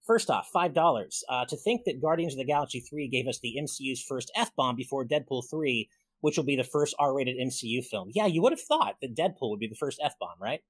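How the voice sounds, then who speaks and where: Husky, lively podcast host man. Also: mid-range voice, dry recording. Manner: upbeat, thankful, reels off supporter names quickly. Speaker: podcast host reading super chats. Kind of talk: casual podcast chat.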